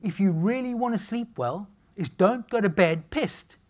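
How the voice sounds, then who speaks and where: At a moderate pace and with an animated, high-sitting voice, an Australian nutrition speaker addresses an audience at a live health seminar. His delivery is blunt and jokey, with casual swearing.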